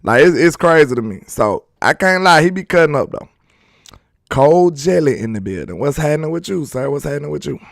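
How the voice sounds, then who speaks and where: A man's voice: fairly high pitch, animated, a little fast, creaky, dry recording, clean studio sound. Laid-back slangy man hosting a live stream. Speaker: sports live-stream host. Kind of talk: casual live-stream commentary, reading chat aloud.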